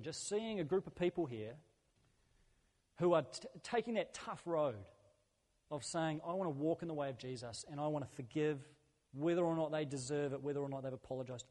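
Man, pastor, earnest conversational sermon, higher voice, long church-hall reverb. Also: darkish tone. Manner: earnest, conversational preaching with repeated phrases.

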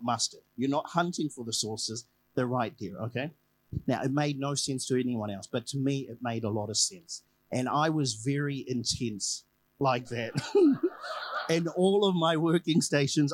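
A man's voice: mid-range voice, rough recording. A man preaching a conversational evening sermon, telling a personal story and repeating key phrases for emphasis.

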